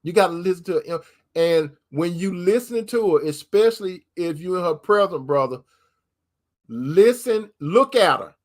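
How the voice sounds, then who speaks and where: A man hosting an advice talk in a preacherly way, calling listeners brother and stretching key words slowly. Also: sits high, darkish tone. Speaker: host giving relationship advice. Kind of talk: preacherly advice talk reading viewer comments.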